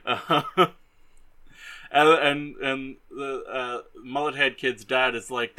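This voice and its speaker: A young adult man hosting a show who casually retells a movie in animated bursts. He swears freely and often restarts his sentences. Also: medium pitch, takes it slowly. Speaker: host.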